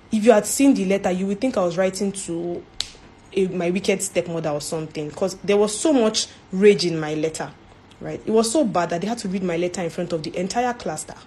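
A woman's voice: mid-range voice, a little mellow. A woman giving an informal faith talk as a church speaker, earnest, repeating herself and ending points with "right?".

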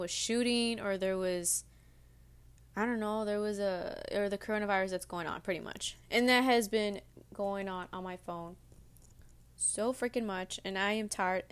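A young woman chats to her viewers in a loose, rambling way, pausing to munch her cereal as she talks. Her voice is smooth and clear, sitting at an ordinary pitch for a woman. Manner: rambling, chatty, talks while eating. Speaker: vlogger. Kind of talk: casual chat to viewers. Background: audible munching on cereal.

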